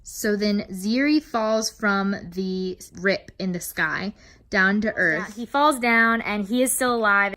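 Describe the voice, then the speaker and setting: A woman's voice: medium pitch, fairly bright tone. A young woman casually recapping a novel for her book channel, chatty and openly emotional, swearing now and then. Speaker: book vlogger.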